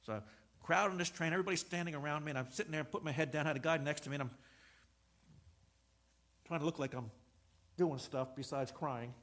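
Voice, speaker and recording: A man preaching in a church, high-pitched, telling a personal story and slipping in jokes along the way. His voice is bright and forceful, and it drops from loud preaching to soft confiding and back. He stumbles over words and repeats them when he gets going. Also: fast talker, long pauses. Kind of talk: sermon.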